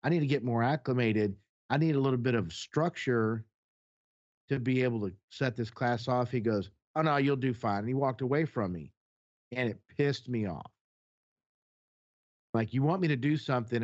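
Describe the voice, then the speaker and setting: Blunt, animated man telling a story. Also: medium pitch, moderate pace, muffled recording. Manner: animated storyteller acting out quoted exchanges, blunt and profane. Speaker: podcast co-host. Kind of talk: casual chat, storytelling.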